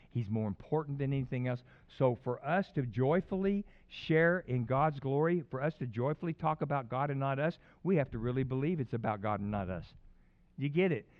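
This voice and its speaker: A man's voice: mid-range voice, narrow, tinny audio. A man preaching a sermon as pastor, telling rambling personal stories with many restarts.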